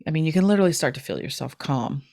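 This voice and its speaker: A middle-aged woman hosting a podcast, calmly and gently explaining a technique step by step in casual chat. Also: deep voice, very fast, gravelly, no echo, clean studio sound. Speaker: podcast host teaching a technique.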